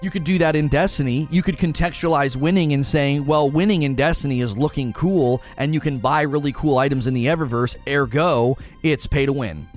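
Male streamer, somewhat high voice, exasperated rant, faint music behind. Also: fairly quick, few pauses. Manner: argumentative, sarcastic, exasperated. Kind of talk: ranting commentary.

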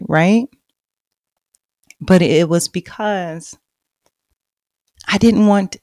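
Texan woman in her 30s talking about her life on her podcast, chatty then hushed, dry close mic. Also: low-pitched, vocal fry, no room sound. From Texas. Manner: chatty and confiding, lively and loud when bragging, hushed and reflective later. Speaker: podcast host. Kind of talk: personal storytelling monologue.

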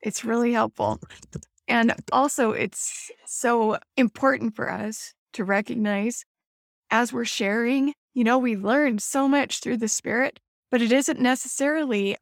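A woman's voice: a little high, steady tone, unhurried, gravelly, dry recording, studio quality. A woman hosting a faith-based discussion among mothers over a video call, speaking in an affirming, heartfelt way. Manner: warm-hearted, affirming, emotional at times. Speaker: host.

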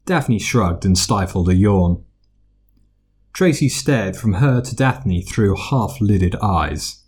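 A man narrating a story aloud, expressive and doing voices for the characters. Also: fairly low pitch, slow pace, slightly rough. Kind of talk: fan fiction reading.

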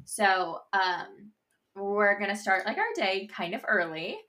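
A woman's voice: medium pitch, animated, slow pace, bright, forceful tone. A young woman co-hosting a podcast, telling a story in a chatty, rambling way full of "like". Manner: chatty storyteller, heavy use of "like". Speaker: podcast co-host. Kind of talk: casual chat. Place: in Nashville, indoors.

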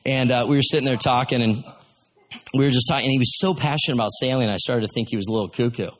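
A man's voice: medium pitch, racing. A man preaching a sermon in a folksy, conversational way, telling stories to his congregation.

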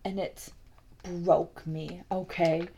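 A woman's voice: fairly low pitch, flat delivery, slow pace, gravelly, dark tone, slight background noise. A young woman co-hosting a casual podcast chat, profane and laughing, teasing in mock exasperation. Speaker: podcast co-host.

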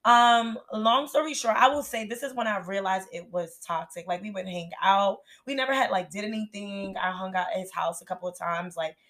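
A woman's voice: mid-range voice, a little fast, hardly any pauses, fairly bright tone. A young woman co-hosting a podcast, telling a story in casual chat and laughing often. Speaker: podcast co-host.

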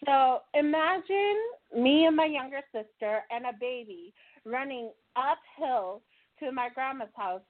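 A woman with a slightly high voice recounts her childhood in a plainspoken, earnest testimony, often pausing to check in with the listener. The sound is thin and tinny, like a phone line. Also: expressive. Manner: earnest, plainspoken, with fillers like "right?". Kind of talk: personal testimony.

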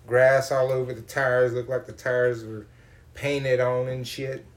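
A man spins a profane, comic story. He is animated and acts out the people he runs into. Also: mid-range voice, unhurried. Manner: animated, swears a lot, acts out voices.

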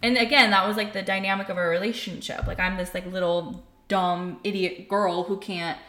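A woman's voice: mid-range voice, steady tone, normal speed, a bit bright. A young woman telling a personal story in casual chat, candid and profane, saying "like" constantly. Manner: candid, profane, heavy use of "like". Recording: roomy echo.

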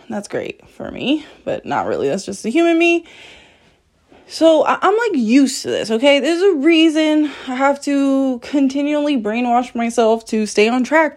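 On her own podcast, a woman with a slightly high voice and a darkish tone talks alone and openly. Her monologue is profane and self-deprecating, punctuated by frequent laughter.

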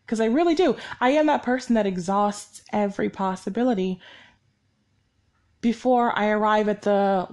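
A woman's voice: mid-range voice, normal speed, darkish tone. Candid, rambling young woman host. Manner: candid, rambling, self-correcting. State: sleep-deprived. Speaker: podcast host. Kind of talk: personal reflective monologue.

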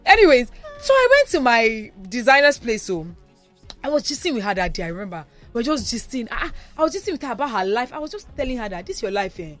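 Animated Nigerian woman co-hosting radio. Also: a little high, fast, faint music behind. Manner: animated storyteller, lots of asides and fillers. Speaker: radio co-host. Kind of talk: casual studio chat. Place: radio studio.

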